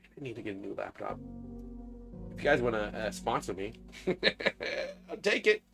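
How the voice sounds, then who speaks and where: A man giving casual, animated let's-play commentary, talking to viewers as he plays. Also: lowish voice, moderate pace, vocal fry, over music. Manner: animated, excitable, talks to viewers. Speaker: gaming video creator.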